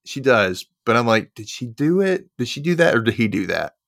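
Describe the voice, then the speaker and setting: A man's voice: mid-range voice, very animated, gravelly, a bit bright, no echo, clean studio sound. A man hosting a podcast, casually recapping a TV episode and acting out lines as he goes. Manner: retells scenes with quick voiced asides. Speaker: podcast host.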